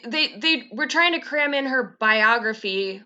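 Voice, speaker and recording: Bright-voiced woman co-hosting a podcast. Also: fairly high pitch, expressive, a little slow, dull audio. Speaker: podcast co-host. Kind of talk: casual chat.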